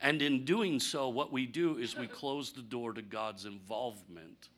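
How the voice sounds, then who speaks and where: A man preaching a conversational sermon, candid and humorous, asking rhetorical questions and swinging from punchy lines to near-quiet asides. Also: medium pitch, measured pace. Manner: animated, rhetorical questions, sudden drops to quiet; candid, self-deprecating humor. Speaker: pastor.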